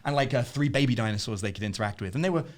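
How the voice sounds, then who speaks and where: Fast-talking man telling stories. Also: mid-range voice, slight background noise. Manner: animated storyteller, laughs often. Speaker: interview guest. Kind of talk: casual interview chat.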